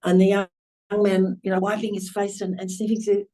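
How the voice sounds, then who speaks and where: A woman's voice: mid-range voice, level tone, brisk, warm tone. A woman giving an earnest, emphatic storytelling talk at a leadership session. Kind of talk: storytelling talk to an online audience. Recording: distant from the mic.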